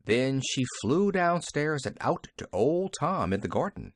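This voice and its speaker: A man's voice: on the high side, sing-song, measured pace, hardly any pauses, dry recording, clean studio sound. A man reading a novel aloud as an audiobook narrator, telling the story expressively.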